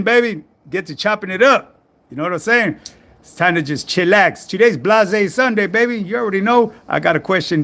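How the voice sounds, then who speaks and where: Socal guy on a livestream, kinda high voice, loose and cussing, reading comments. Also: a bit bright. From Southern California. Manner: slangy, profane, laid-back. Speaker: fitness livestream host. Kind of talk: casual livestream chat answering comments.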